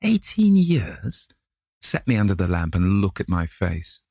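A man reading an audiobook, voicing a young gentleman who stammers in fear and then turns cold and stern. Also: deep voice, steady tone, normal speed, no echo, clean studio sound. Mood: frantic. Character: young man, panicked then coolly arrogant.

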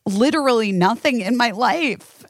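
A woman with a higher, very lively voice that swoops up and down, chatting casually, swearing freely and mocking herself. She sounds close to the mic in a dry space. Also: unhurried, no echo. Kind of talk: casual chat.

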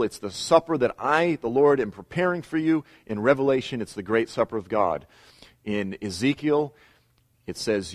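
A man's voice: medium pitch, no echo. A man teaching a recorded Bible lesson, reading scripture aloud and pressing his points with emphatic rises. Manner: emphatic, builds to louder insistent peaks; reads scripture passages aloud.

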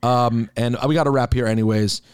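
Excitable male podcast co-host, mid pitch, dry close studio sound. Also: brisk, clear, resonant tone, no room sound. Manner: excitable, rises in pitch when arguing. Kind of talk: casual wrestling podcast chat.

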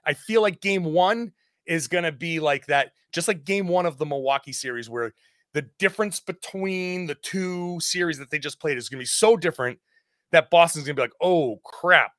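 A man's voice: on the high side, normal speed, fairly bright tone, no echo, studio quality. A man hosting a sports podcast, chatting casually and self-deprecatingly, slipping into an ad read. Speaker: podcast host.

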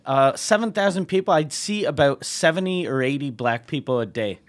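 A man's voice: a little high, expressive, moderate pace. Profane, laughing storyteller man. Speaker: comedian guest. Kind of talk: casual storytelling on a podcast.

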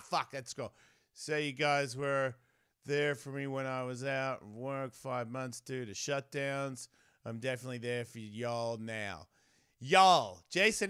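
A man with an Australian accent hosting a loose, casual show. He laughs often and swears freely. His voice sounds bright, and the recording is close and dry. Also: mid-range voice, clear, resonant tone, dry recording. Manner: laughing, crude, swearing a lot. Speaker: host. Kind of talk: casual live show chat.

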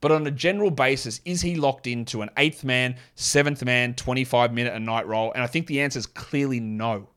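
A man with an Australian accent hosting a fantasy basketball podcast, talking through rotations and stats in quick, rambling analysis full of restarts. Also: mid-range voice, fairly bright tone, clear, resonant tone. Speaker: podcast host.

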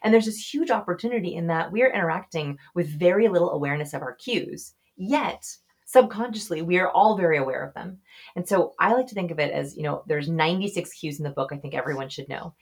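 A young adult woman, a guest researcher on a podcast, explaining quickly and expressively and acting out example voices. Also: lowish voice, animated, husky. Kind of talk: podcast interview.

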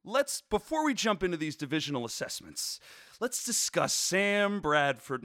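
A man's voice: fairly high pitch, sing-song, normal speed, fairly bright tone. A man hosting a casual solo sports podcast from his bedroom, rambling with jokey, playful asides.

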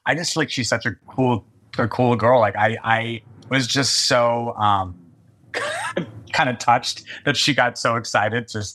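Man, forties, podcast guest, casual chat, earnest, laughs easily, mid pitch. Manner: earnest, warm-hearted, quick to laugh.

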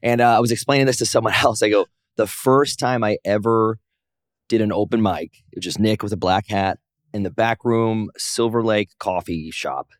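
A man on the low side of pitch talks at normal speed, guesting on a casual interview as a wrestler and comedian. His storytelling is lively, and he acts out what others said in raised voices. The clean studio sound has no echo.

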